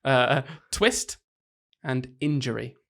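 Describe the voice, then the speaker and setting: A man's voice: mid-range voice, lively intonation, takes it slowly, fairly bright tone. A young man hosting a casual podcast chat, teasing his co-host and laughing often.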